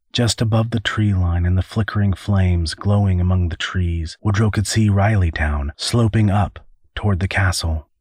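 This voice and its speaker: Casting: male narrator, very low husky voice, steady storytelling, dry close recording. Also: no room sound. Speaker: audiobook narrator. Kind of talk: scripted narration.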